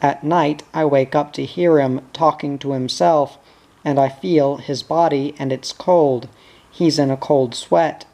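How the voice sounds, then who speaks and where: A reader voicing a worried middle-aged country wife, telling her troubles slowly. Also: mid-range voice, fairly even intonation, creaky, a little mellow. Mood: troubled.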